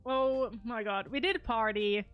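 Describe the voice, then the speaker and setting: Young female streamer, higher voice, chatty and rambling with frequent laughs, faint music underneath. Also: measured pace, smooth, dull audio. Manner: gushing, rambling, laughs often. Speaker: streamer showing wedding photos. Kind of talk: casual live-stream chat.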